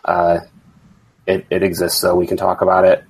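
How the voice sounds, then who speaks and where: A man hosting a casual fantasy football podcast chat as league commissioner, rambling with halting restarts. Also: low-pitched, completely flat delivery, slightly rough, poor audio.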